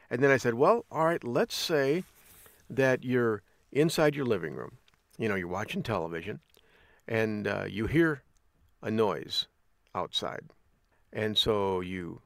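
A man's voice: mid-range voice, no echo. A middle-aged American man hosting a show, telling folksy stories in a casual monologue and acting out the people he quotes. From United States. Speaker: podcast host.

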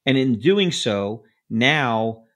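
A man's voice: mid-range voice, expressive, very slow, a bit bright. A man co-hosting a podcast, talking emphatically about security with repeated words. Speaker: podcast co-host. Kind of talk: casual security podcast chat.

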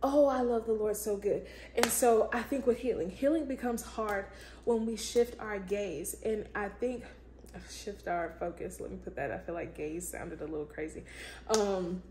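A woman's voice: medium pitch, normal speed, mellow. A woman hosting her own vlog, reflecting on faith in a casual, emphatic way and breaking into exclamations of praise. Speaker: vlogger, show host. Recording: echoey room with faint ambient noise.

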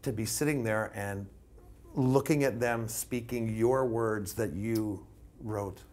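Low-ish guy host, rambles and stumbles through his questions. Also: slow pace, a little mellow. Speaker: talk show host. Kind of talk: casual interview chat.

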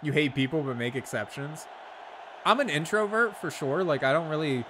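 A man's voice: fairly high pitch, lively intonation, normal speed, background noise. A man streaming a video game, chatting casually with viewers, laid-back and profane, laughing often. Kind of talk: casual chat while gaming.

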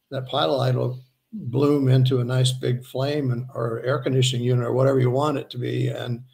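Male healer guest, gravelly mid-pitched voice, earnest and unhurried. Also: a little mellow. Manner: earnest, slows down to stress points, acts out quoted voices. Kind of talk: conversational interview answers.

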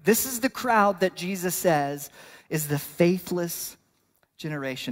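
A man's voice: high-pitched, lively intonation, moderate pace. A male pastor delivering a sermon in a conversational style, building to bursts of emphasis.

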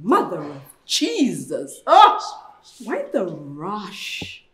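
A mocking, jealous Nigerian wife. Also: female voice, lowish voice, huge pitch swings, drawn-out words, a bit bright, slight background noise, heavily acted. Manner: sarcastic, taunting, theatrical. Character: jealous mocking wife taunting her pastor husband. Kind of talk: Nollywood film acting.

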